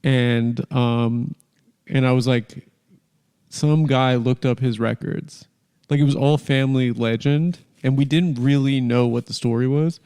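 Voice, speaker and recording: A man's voice: medium pitch, steady tone, measured pace, mellow, clear, resonant tone, in a large hall. A man hosting a casual comedy podcast, telling a rambling, self-interrupting story. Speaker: show host.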